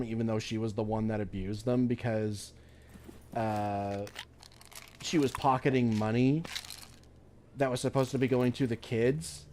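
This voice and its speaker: A man's voice: mid-range voice, darkish tone. A man streaming a video game, ranting angrily in casual profane chat. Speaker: gaming streamer. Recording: faint background noise.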